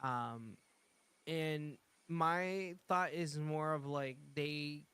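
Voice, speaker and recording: A podcast co-host in casual chat, speaking hesitantly with many filler pauses. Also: mid-range voice, fairly bright tone, smooth, no echo.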